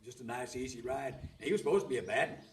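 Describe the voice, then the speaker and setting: A man's voice: medium pitch, quick pace, slight background noise. An older man telling a folksy story in a homespun, rambling way, often repeating his words. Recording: roomy sound from a distant mic.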